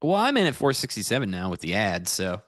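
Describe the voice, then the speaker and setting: A man's voice: fairly low pitch, wildly swooping pitch, quick pace, fairly bright tone, no echo, clean studio sound. A man co-hosting a live trading stream, chatting casually and laughing often. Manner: laughs often, playful and upbeat. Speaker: co-host and futures trader. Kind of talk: casual live-stream banter about trades. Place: studio.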